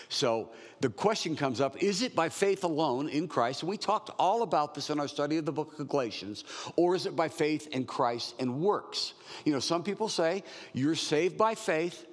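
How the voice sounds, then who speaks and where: A man's voice: medium pitch, in a large hall. A man in his sixties preaching a verse-by-verse sermon in a conversational, joking way. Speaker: pastor.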